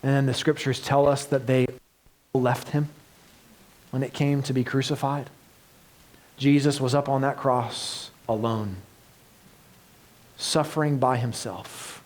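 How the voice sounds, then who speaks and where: A man preaching a sermon as pastor, earnest, moving between loud emphatic passages and soft hushed ones. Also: mid-range voice, steady tone, unhurried, pauses often. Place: church.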